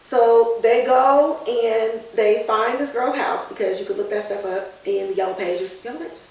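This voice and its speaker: A woman's voice: on the high side, unhurried, gravelly, distant mic, slight background noise. Slangy woman recapping a show. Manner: animated, slangy storytelling. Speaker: podcast host. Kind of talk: casual TV episode recap. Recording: very echoey room, off-mic.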